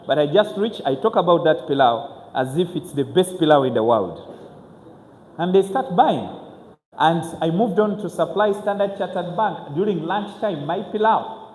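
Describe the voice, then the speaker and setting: Guy, 30s, giving a motivational talk, kinda high voice, restarts a lot, big echoey hall. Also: expressive, darkish tone. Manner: earnest, halting restarts. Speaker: motivational speaker. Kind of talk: storytelling talk to an audience. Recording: echoey hall with faint ambience.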